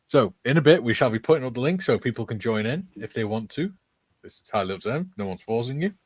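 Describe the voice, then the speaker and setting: A man hosting a relaxed live stream, reading out viewer comments with a ready chuckle. His pitch swings around animatedly, and the sound is dry and close, with no room around it. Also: quick pace, slightly rough, no room sound. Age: older. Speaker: host. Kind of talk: casual live-stream chat.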